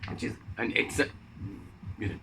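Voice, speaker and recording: A man's voice: normal speed, sharp tone, slight background noise, rough recording. A man hosting a casual on-camera chat, with playful, joking banter. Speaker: host.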